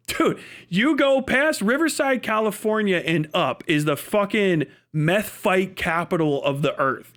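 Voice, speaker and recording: A man streaming live, ranting in a profane, fast-talking way. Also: sits high, a bit bright. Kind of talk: casual livestream rant.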